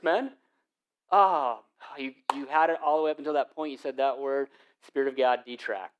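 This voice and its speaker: A young man preaching from the pulpit, his voice sitting a little higher than most men's. He tells stories with casual slang, swinging between loud bursts and quiet, hushed moments. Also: moderate pace, smooth. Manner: animated storytelling with casual slang. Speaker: lead pastor. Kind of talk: sermon.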